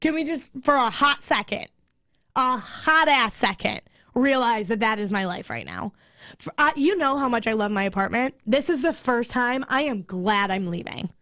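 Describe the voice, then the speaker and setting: A woman radio co-host ranting and swearing in casual chat, fired up and talking fast. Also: on the high side, animated, bright, forceful tone, no echo, studio quality. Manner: angry venting, swearing, rapid rants.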